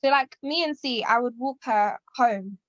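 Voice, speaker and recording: Young woman, podcast co-host, rambling story, acts out quotes, higher voice, dull dry sound. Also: normal speed, no room sound. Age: 20s. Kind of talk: casual chat, storytelling.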